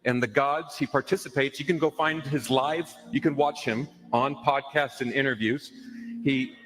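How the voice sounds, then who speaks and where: A man's voice: medium pitch, fairly even intonation, normal speed, fairly bright tone, low-quality recording. A man in a played video, casually retelling a story as commentary.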